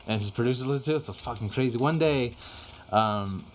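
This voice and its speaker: With a medium-pitched voice and a slightly quick delivery, a young podcast guest chats casually about his time in the studio. His rambling is packed with fillers and offhand curses, and a little hiss or hum can be heard.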